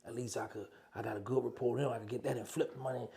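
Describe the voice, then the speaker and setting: Brief: New man, gravelly, animated storyteller quoting others as he goes. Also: mid-range voice, very fast. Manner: animated storyteller acting out quoted dialogue. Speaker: guest, former prisoner. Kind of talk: storytelling interview chat.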